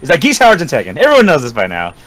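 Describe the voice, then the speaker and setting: Excitable man chatting about fighting games. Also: a little high, racing. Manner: excitable, laughs often, acts out quotes. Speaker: podcast co-host. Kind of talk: casual gaming podcast chat.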